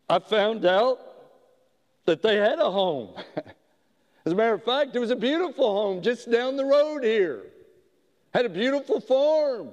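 A pastor tells a story from the pulpit, and his speech is slow and unhurried with many halting restarts. His voice sits a little high for a man. The sound rings with the long reverb of a large hall. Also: a little mellow, lo-fi sound. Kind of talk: sermon storytelling.

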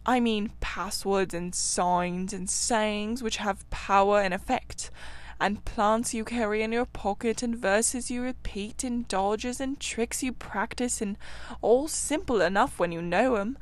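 A woman voicing a brave, good-natured male water rat, speaking in a brisk, soothing and hearty way in a storybook reading. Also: mid-range voice, natural voice.

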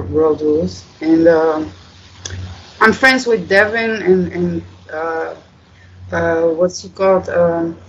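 A guest talks loosely through an interview, halting often and swearing freely. The voice sits at a middling pitch. The recording is dull and lo-fi. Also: slight background noise. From Netherlands. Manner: rambling, halting, many fillers, swears freely. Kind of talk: casual storytelling.

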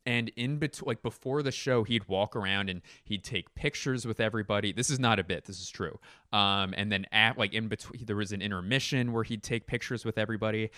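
A man's voice: lowish voice, a bit bright, dry recording, studio quality. A man hosting a comedy podcast, telling stories in a casual, rambling way and breaking off mid-sentence, with casual swearing. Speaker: podcast host.

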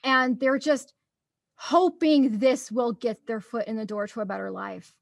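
A woman's voice: on the high side, measured pace, gravelly, no room sound, studio quality. A young woman telling stories in a casual chat, bubbly and laughing often.

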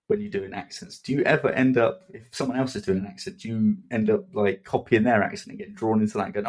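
A man's voice: on the low side, fast talker, hardly any pauses, a little mellow. A man co-hosting a casual podcast chat, jokey and encouraging, laughing a lot. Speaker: podcast co-host.

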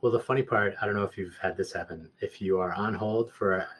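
A hoarse man chatting casually, rambling and restarting his sentences, getting louder when worked up. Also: on the low side, steady tone, quick pace. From Southern Nevada. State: hoarse, clearing throat. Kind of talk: casual chat.

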